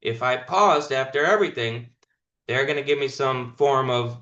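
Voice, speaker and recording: A man's voice: medium pitch, normal speed, fairly bright tone, reverberant, highs cut off. A man managing a sales team, coaching them through a meeting in an emphatic, instructive way. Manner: emphatic, instructive, demonstrates call lines.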